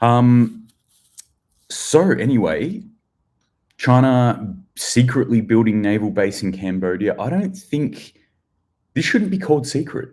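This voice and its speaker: A man's voice: lowish voice, animated, normal speed, a little mellow. An Australian man giving casual news commentary, rambling and chatty, with crude jokes and plenty of fillers.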